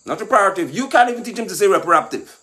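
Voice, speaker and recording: A man delivers a scolding political monologue in a high, very lively voice. He mocks and lectures, pushing up into shouts. Faint insect noise sits behind him. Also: very fast. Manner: mocking, lecturing, rising to shouts. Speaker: political commentator.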